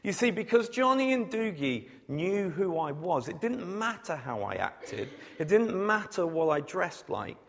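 A man's voice: high-pitched, a little slow, vocal fry, hardly any pauses. A man preaching a sermon, mixing scripture with humorous storytelling. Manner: storytelling with humor, animated when acting out scenes. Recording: long hall reverb.

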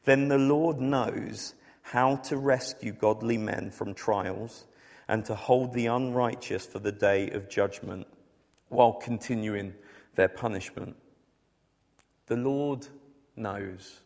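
A man's voice: mid-range voice, takes it slowly, creaky. A man preaching a sermon, mixing scripture with humorous storytelling. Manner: storytelling with humor, animated when acting out scenes. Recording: long hall reverb.

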